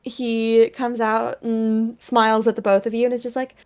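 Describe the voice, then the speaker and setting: Relaxed woman narrating as game master. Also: fairly high pitch, moderate pace, clean tone. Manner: relaxed, many fillers.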